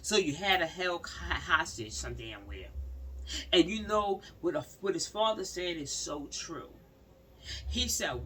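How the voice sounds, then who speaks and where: A woman's voice: on the low side, lively intonation, measured pace, sharp tone. A woman giving casual commentary to her viewers, emphatic and repeating her points as she talks straight to the audience. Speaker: vlogger commenting on news. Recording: slightly distant mic with faint background noise.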